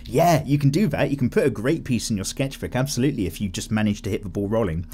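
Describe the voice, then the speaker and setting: A man's voice: medium pitch, lively intonation, fast talker, darkish tone, a little hiss or hum. A young man casually chatting while he draws, reading viewer comments aloud and rambling candidly through tangents. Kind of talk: casual chat while drawing.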